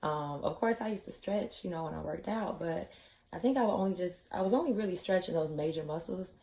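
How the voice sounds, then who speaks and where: A woman's voice: fairly low pitch, a little fast, warm tone. A woman chatting candidly in a casual vlog about her yoga training, with lots of "you know" fillers. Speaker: vlogger, yoga instructor trainee. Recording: echoey room.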